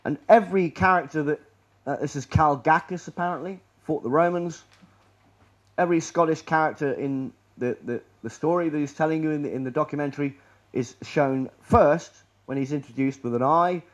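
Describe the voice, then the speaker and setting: A man's voice: fairly high pitch, moderate pace. Sardonic man giving a rambling talk. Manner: rambling, sardonic, trails off quietly. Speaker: presenter. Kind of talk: public presentation. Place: lecture room.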